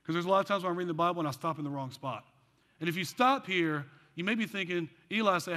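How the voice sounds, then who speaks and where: A man preaching a sermon as pastor, animated with joking asides, then dropping into quiet earnest passages. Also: high voice, fast talker. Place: church sanctuary. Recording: long church hall reverb.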